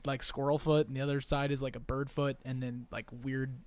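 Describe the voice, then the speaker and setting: A woman's voice: extremely low pitch, little pitch movement, brisk, a little mellow, smooth. A woman narrating a tabletop game as game master, rambling and giggly as she tells the story.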